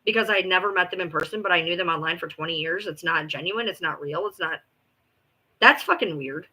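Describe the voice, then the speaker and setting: A woman chatting casually to her online viewers, blunt and swearing freely, with sudden swings into loud exasperation. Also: on the low side, a little fast, husky, low-quality recording. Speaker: online commentator. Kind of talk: casual livestream chat.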